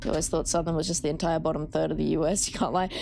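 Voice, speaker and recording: A woman's voice: low voice, level tone, rapid-fire, vocal fry, a little mellow, slight background noise. A young Australian woman casually chatting with her chat while she plays a horror game, swearing freely. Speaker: streamer. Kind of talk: casual gameplay commentary.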